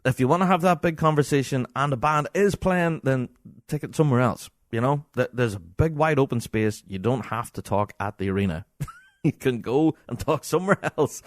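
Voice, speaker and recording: A man with a Scottish accent hosting a podcast, telling an exasperated, animated anecdote in casual talk. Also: medium pitch, normal speed, no room sound, studio quality. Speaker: podcast host.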